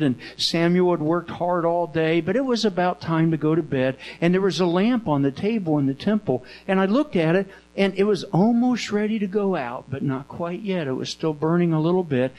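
A man telling a Bible story to children in a gentle manner, coaching them through acting it out. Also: a little high, poor audio. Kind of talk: interactive story lesson.

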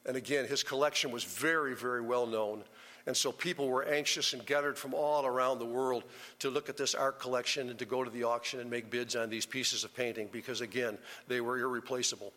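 A middle-aged male preacher with a bright, forceful tone, telling a story earnestly and without hurry. His voice rings out with a long reverb off the church walls. The delivery is steady and heartfelt. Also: medium pitch. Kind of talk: sermon storytelling. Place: church sanctuary.

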